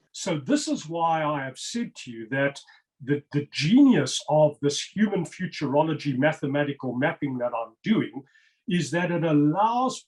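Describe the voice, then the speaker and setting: A man's voice: fairly high pitch, a little mellow, low-quality recording. Emphatic man explaining number patterns. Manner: emphatic and insistent, repeats words for stress. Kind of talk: interview, explaining over slides.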